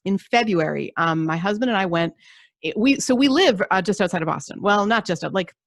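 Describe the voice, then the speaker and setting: A woman hosting a podcast, telling a story in an animated, rambling way and laughing often. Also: medium pitch, fairly quick, creaky, no echo, studio quality. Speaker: podcast host. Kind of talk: casual conversation.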